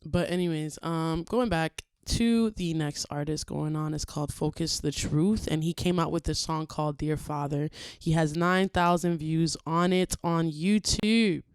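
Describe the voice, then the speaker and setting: A woman's voice: deep voice, measured pace, hardly any pauses, clean tone, no echo, studio quality. A woman hosting a podcast on her own, chatting casually and thinking aloud as she introduces songs. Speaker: podcast host. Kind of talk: casual solo podcast chat.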